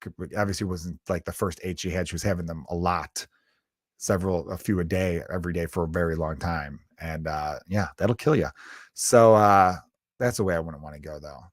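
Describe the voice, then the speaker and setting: In a clean, dry studio recording, a man with a voice that sits low talks at normal speed on his own comedy podcast. He's a Chicago-based stand-up and host, ranting and riffing solo with exasperated profanity.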